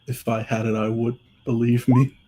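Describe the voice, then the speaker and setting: A man at an online tabletop game who answers the game master with quick, joking retorts. His mid-pitched voice comes through a computer mic on a voice call, with a faint hiss behind it. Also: little pitch movement, mellow. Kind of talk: casual table talk.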